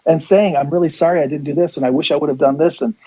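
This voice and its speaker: Very fast and dark-toned though pitched on the high side, this man comes through on dull audio. He's guesting as a psychic on a radio show, rambling through a story, restarting sentences and acting out quotes.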